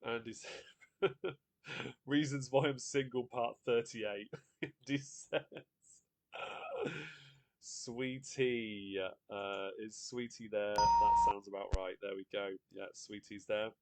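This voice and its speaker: A man's voice: medium pitch, fairly even intonation, slow pace, pauses often, a little mellow. A man hosting a live online quiz, chatty, reading out viewer guesses and laughing often. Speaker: quiz host.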